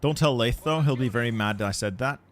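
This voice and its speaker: A young adult man with a mid-pitched voice, live-streaming a strategy game. He talks casually to himself as he plans, stalling and repeating words before he commits to a move. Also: fast talker. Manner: thinking aloud, relaxed, repeats words while planning.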